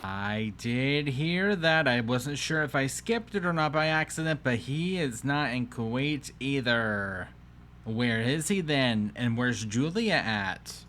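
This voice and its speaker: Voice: medium pitch, animated, slow pace, a bit bright, a little hiss or hum. A reaction streamer talking casually over a livestream clip, cutting in with sarcastic remarks.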